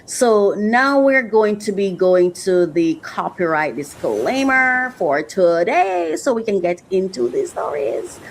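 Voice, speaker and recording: A woman's voice: mid-range voice, big pitch swings, takes it slowly, hardly any pauses, slight background noise, poor audio. A woman hosting a podcast, talking earnestly and reflectively, often repeating herself and getting emotional. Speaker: podcast host.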